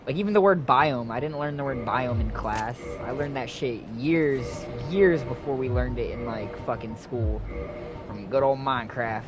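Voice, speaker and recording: A young man giving casual gameplay commentary, excitable and swearing freely as he thinks out loud. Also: mid-range voice, moderate pace. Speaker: game streamer. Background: game music.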